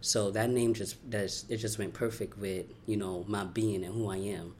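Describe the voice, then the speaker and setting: A young man from Brooklyn tells his story in an interview. His voice sits on the low side and he speaks candidly, in quick, heartfelt runs full of "you know" and "like." A faint hiss of noise runs under the recording. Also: steady tone, a little mellow. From Brooklyn, New York. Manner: candid, fast-flowing, heartfelt, many "you know" and "like" fillers.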